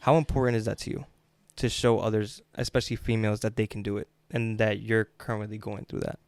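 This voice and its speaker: A man hosting a casual podcast interview, relaxed and friendly, slipping in short affirmations. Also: lowish voice, a little fast, vocal fry, clear, resonant tone, dry recording. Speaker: podcast host.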